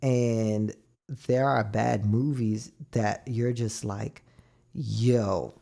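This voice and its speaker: Slow, gravelly young man chatting. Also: mid-range voice, steady tone, warm tone. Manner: laid-back, drawn-out storytelling with acted-out quotes. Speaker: podcast co-host. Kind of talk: casual chat.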